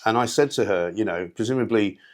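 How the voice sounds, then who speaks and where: A man's voice: on the low side, a little fast. A man hosting a talk show, delivering a sardonic, rambling, opinionated monologue straight to listeners. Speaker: radio talk show host.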